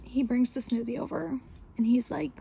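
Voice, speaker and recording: Creaky-voiced young woman telling a story. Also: fairly high pitch, fairly even intonation, moderate pace, warm tone. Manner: chatty, exasperated, full of "like". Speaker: podcast host. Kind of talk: casual storytelling monologue.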